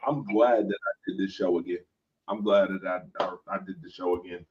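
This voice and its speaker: A man with a very low voice hosts casual sports talk, easygoing and quick to tease. He sounds far from the mic, and the sound is dull and muffled. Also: fairly even intonation, crowd noise. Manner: laid-back, laughing, teasing. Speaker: show host.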